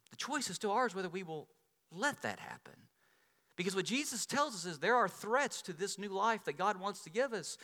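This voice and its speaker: Animated high-voiced male preacher in a hall. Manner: animated storytelling, swings between loud and soft. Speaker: pastor. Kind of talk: sermon.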